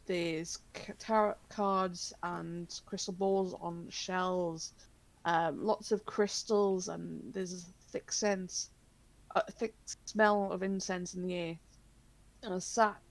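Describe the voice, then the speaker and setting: A woman narrating a tabletop horror game as game master, halting, with many fillers and frequent laughs. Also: on the low side, vocal fry.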